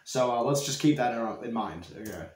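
A man's voice: medium pitch, expressive, brisk, darkish tone, echoey room. A young man giving reaction commentary on his own old video, mocking himself and laughing at it. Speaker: YouTuber.

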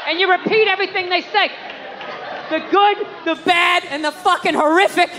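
Profane ranting stand-up comic. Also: male voice, very high voice, fairly even intonation, moderate pace. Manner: profane, exasperated ranting with mocking asides. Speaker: stand-up comedian. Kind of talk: stand-up comedy rant. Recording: live club set with loud crowd noise. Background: audience laughter.

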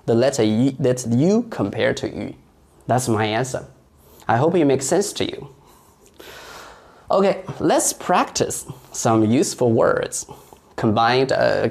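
Casting: unhurried male tutor who explains patiently and demonstrates tones. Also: mid-range voice, vocal fry, a little mellow, slightly rough. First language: Mandarin Chinese. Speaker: Mandarin teacher. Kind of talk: online language lesson.

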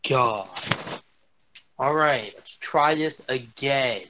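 A young man swearing and yelling his way through a shooter game as a gaming streamer. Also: medium pitch, extremely slow, noisy background. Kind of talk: angry gameplay commentary.

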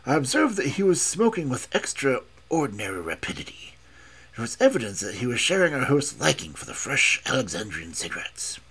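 Husky man narrating a story dramatically. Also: medium pitch, huge pitch swings, a little fast, a bit bright. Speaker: audiobook reader.

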